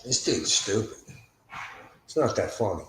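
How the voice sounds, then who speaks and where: A man's voice: on the low side, animated, measured pace, fairly bright tone, a little hiss or hum. Blunt male streamer in an echoey room. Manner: blunt, dismissive. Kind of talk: casual stream commentary.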